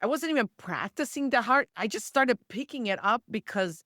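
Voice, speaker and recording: A woman from the Balkans with a Balkan accent, speaking as a guest coach in a casual podcast conversation, emphatic and quick to agree. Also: fairly high pitch, expressive, sharp tone, no room sound, studio quality. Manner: emphatic, agreeing often with short yeps. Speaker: guest, cross-cultural coach.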